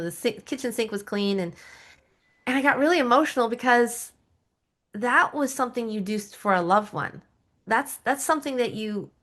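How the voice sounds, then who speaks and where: A woman's voice: a little high, a bit bright. A middle-aged woman, a lifestyle coach and podcast guest, telling her personal story candidly, with frequent laughs and self-deprecating asides.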